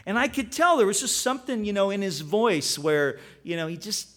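A man's voice: high voice, a little fast. A man preaching a sermon in a conversational style. He tells stories, and his delivery shifts between chatty asides and sudden emphatic peaks. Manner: conversational, storytelling with animated emphasis. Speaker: pastor.

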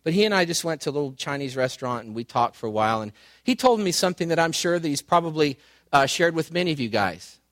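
A man pastor preaching a sermon, telling stories in an animated, excitable way and calling his listeners "man". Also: on the high side, fast talker, no room sound, clean studio sound. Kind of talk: sermon with storytelling.

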